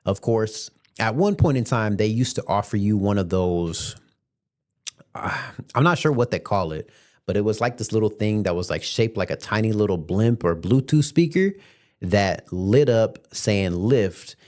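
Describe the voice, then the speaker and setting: A man's voice: on the low side, lively intonation, measured pace, a little mellow. A man hosting a podcast, telling a rideshare story in a chatty, slangy way and laughing along as he talks. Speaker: podcast host and rideshare driver. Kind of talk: casual storytelling monologue.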